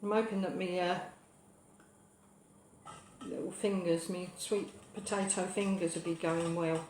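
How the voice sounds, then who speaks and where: A woman's voice: on the low side, fairly even intonation, measured pace, a little hiss or hum. British woman, cooking show host, rambling cheerful chatter, echoey kitchen, clinking pots and cutlery. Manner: cheerful, rambling, cheeky asides, bursts of loud whoops. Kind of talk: chatty live cooking stream. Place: home kitchen. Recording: echoey kitchen with clattering dishes.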